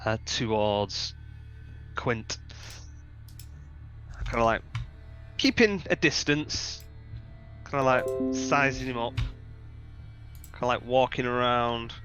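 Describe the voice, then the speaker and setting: A man's voice: mid-range voice, takes it slowly, pauses often, a bit bright. A man describing his character's actions in a tabletop game, in a loose style full of filler words. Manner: loose narration full of "kinda, like". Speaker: player. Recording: dull recording with faint music.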